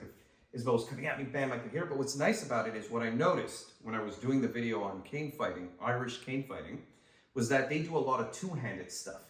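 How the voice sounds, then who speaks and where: A man hosting and teaching self-defense, talking enthusiastically while he demonstrates moves. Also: mid-range voice. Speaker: self-defense instructor and host. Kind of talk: casual instructional demonstration. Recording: roomy echo, mic some distance away.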